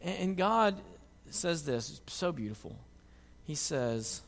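A man's voice: on the high side, animated, takes it slowly, creaky, in a large hall. A man preaching a sermon as pastor, earnest, often repeating words as he restarts his sentences.

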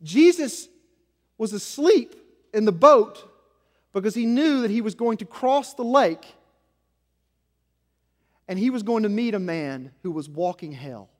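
A man preaching a sermon as senior pastor, swinging between loud emphasis and hushed, low passages. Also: animated, unhurried, long pauses. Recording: long hall reverb.

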